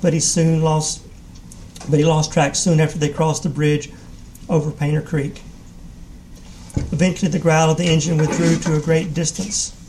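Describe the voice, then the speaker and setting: Man reading a story out loud at an event, slightly high but mellow voice, faint room hum. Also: level tone, moderate pace, low-quality recording. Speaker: reader. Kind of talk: live fiction reading.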